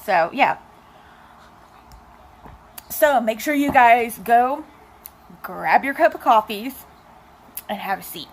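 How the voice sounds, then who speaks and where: A woman's voice: a little high, slow, long pauses, slight background noise. Chatty young woman telling a story. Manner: chatty, animated storytelling with asides to viewers. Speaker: vlogger. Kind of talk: casual storytelling vlog.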